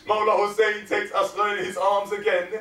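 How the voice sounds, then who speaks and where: A man's voice: high-pitched, flat delivery, normal speed, sharp tone, distant mic. A man preaching a mourning sermon, telling a sacred story with emotional, dramatic intensity. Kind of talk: impassioned sermon narration. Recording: echoey hall, voice from afar.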